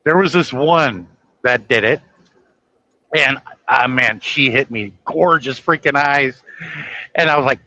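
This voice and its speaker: Man, bright tone, rambling anecdote, acts out quoted dialogue, casual chat. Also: medium pitch, measured pace, pauses often, rough recording. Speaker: guest storyteller.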